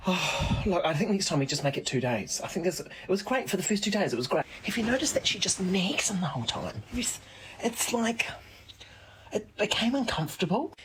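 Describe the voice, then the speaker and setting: A man's voice: high voice, lively intonation, a little fast, a crowd in the background. A man playing a fed-up middle-aged suburban mum who gossips in confiding asides after her houseguests leave, in a comedy skit clip. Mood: exasperated.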